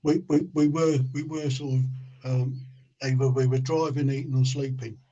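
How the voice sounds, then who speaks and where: An English man in his fifties hosting a podcast, chatty and quick to laugh as he tells anecdotes. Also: mid-range voice, fairly even intonation, warm tone. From England. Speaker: podcast host. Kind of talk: casual interview chat. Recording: dull lo-fi sound.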